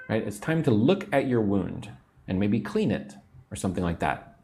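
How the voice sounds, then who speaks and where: A man's voice: lowish voice, sing-song, normal speed, mellow. A man teaching an English lesson on a livestream, patiently repeating words for learners and sounding a little sleepy. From United States. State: sleepy, yawning.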